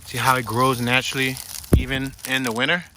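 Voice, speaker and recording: A man casually narrating his hike on a wooded marsh trail outdoors, playful and excitable, whooping and laughing as he walks. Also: mid-range voice, brisk, noisy background. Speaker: vlogger narrating a hiking walk. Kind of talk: casual walk-and-talk narration.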